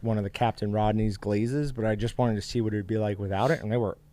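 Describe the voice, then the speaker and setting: A man's voice: lowish voice, fairly even intonation, fast talker, warm tone. A man hosting a casual livestream, chatty and upbeat, reading viewer comments aloud. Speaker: livestream host.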